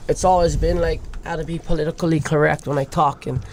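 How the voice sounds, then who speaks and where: Male surfer from Hawaii, 30s, gravelly and candid, casual swearing. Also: a little high, fairly even intonation, fast, slight background noise. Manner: open, emotional, swears casually. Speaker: guest, big wave surfer. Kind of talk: candid podcast storytelling.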